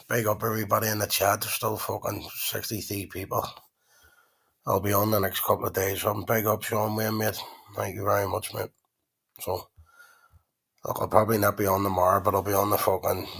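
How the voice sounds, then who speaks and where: Man, gravelly voice, husky, fairly low, laid-back livestream host, casual swearing. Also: level tone, a little fast, a bit bright, low-quality recording. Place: at home, lying down.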